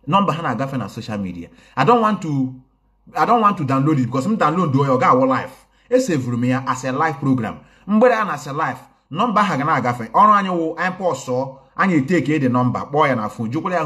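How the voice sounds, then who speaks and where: A man's voice: medium pitch, animated, quick pace, a bit bright. Man hosting a casual livestream, chatty and mixing languages. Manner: code-switching, greets viewers by name. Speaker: online activist commentator. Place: indoors, recorded in a home in a city.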